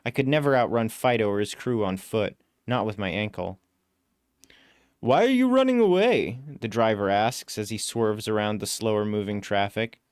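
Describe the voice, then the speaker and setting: A man narrating a first-person story aloud in a steady, matter-of-fact way. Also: on the low side, moderate pace, few pauses, smooth, dry recording, clean studio sound. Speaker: story reader.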